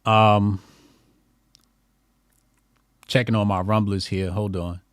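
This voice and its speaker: A man's voice: fairly low pitch, level tone, takes it slowly, clean tone, no echo, clean studio sound. A man hosting a livestream, reading viewer comments aloud and rambling with many fillers and restarts. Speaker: livestream host.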